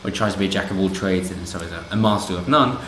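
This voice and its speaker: Low-voiced guy reading the news and snarking, echoey room. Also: fast talker, fairly bright tone, slight background noise. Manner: sarcastic, rambling asides. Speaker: commentator. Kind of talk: casual commentary reading news. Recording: roomy echo.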